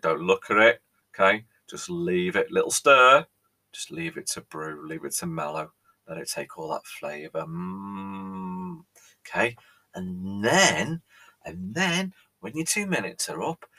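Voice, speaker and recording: A man's voice: deep voice, bright, forceful tone, breathy edge. A British man hosting a podcast, delivering a theatrical, mock-outraged monologue that keeps checking in with "right?". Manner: theatrical, exasperated, pausing, repeats "right?". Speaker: podcast host.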